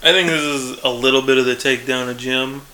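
A man co-hosting a podcast in casual chat, wry and jokey, quick to laugh. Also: mid-range voice, steady tone, sharp tone, a little hiss or hum, rough recording. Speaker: podcast co-host.

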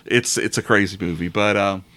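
A man's voice: lowish voice, moderate pace, sharp tone. A man hosting a casual podcast chat about movies, rambling with frequent restarts and laughter.

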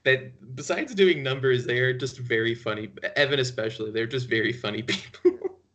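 Podcast co-host, male: crisp bright tone, loose rambling talk, quick to laugh at himself. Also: medium pitch. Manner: rambling, laughs often, self-deprecating. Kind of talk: casual chat.

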